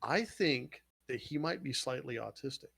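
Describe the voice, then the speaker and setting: A man at an ordinary middle pitch, talking casually as a podcast host. He argues with animated energy, swears freely and acts out scenes as he retells them. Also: normal speed, vocal fry, husky. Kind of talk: casual chat.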